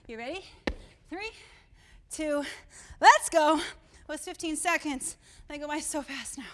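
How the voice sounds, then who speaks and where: A woman's voice: high voice, measured pace, fairly bright tone. A woman coaching a workout while doing it herself, out of breath, encouraging and counting down the seconds. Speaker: fitness instructor.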